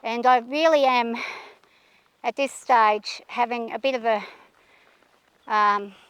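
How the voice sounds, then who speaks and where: A horse rider vlogger with a high, smooth voice talks slowly while riding outdoors. Shaky and anxious, she keeps talking herself through her nerves while speaking gently to calm her horse, in a dry recording.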